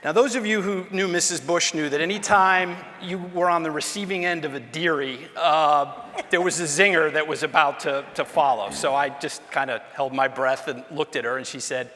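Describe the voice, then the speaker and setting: Animated male storyteller in a reverberant lecture hall. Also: fairly high pitch, normal speed, hardly any pauses. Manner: animated storyteller, acts out quoted dialogue. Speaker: former presidential aide giving a lecture.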